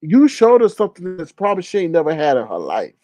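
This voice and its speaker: A man hosting casual gossip commentary, talking in an animated, incredulous way and swearing freely. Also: on the high side, fast, no room sound. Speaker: commentary channel host.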